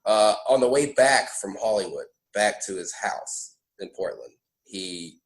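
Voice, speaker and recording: A man hosting a podcast, chatting casually about a film, animated and laughing often, stumbling over restarts. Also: on the low side, a little slow, reverberant, rough recording. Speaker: podcast host.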